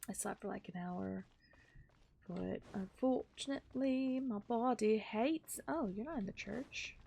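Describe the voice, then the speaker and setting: A tired woman streaming a game, chatting casually in a low-energy, rambling way. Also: a little slow, creaky, mellow, breathy edge. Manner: low-energy, rambling, apologetic about yawning. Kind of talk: casual gameplay chat.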